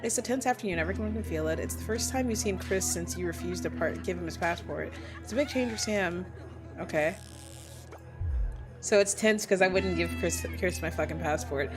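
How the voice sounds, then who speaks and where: Foul-mouthed young woman streamer, indignant. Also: fairly low pitch. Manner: reads game text aloud, then breaks into loud indignant outbursts; swears a lot, laughs mid-sentence. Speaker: VTuber streamer. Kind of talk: casual gameplay commentary.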